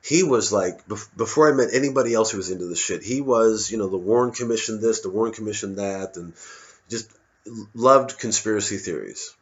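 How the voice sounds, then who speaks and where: Low-voiced rambling comedian, lo-fi recording. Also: male voice, fairly quick. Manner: digressive, self-interrupting, profane. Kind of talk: rambling stand-up monologue.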